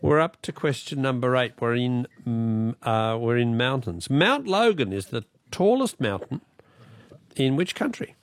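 A man's voice: medium pitch, big pitch swings, a little slow, no room sound. An Australian man hosting a talkback radio quiz, chatty and wry as he teases callers.

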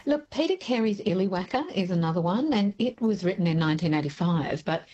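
Woman with a low, husky voice, thoughtful and animated as a radio guest. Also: brisk, dull audio. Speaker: book show co-host, guest. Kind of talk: radio interview.

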